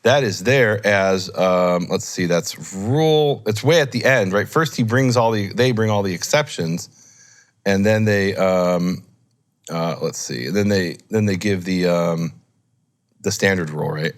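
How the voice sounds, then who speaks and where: Low-voiced man explaining grammar. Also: a little slow. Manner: explanatory, thinks aloud, self-correcting. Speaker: Hebrew scholar teaching. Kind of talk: informal teaching discussion.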